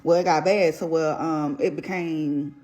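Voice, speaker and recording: A woman's voice: low voice, fairly even intonation, a little slow, mellow. A mother telling a casual storytime, blunt and profane, rambling as she vents about her complaints.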